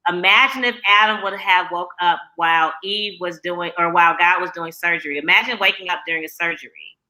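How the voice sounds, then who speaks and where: A woman's voice: fairly low pitch, fairly quick, sharp tone, poor audio. A woman co-hosting a casual chat, explaining ideas in a reflective way and often laughing. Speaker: co-author and co-host. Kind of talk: casual chat about faith and dating.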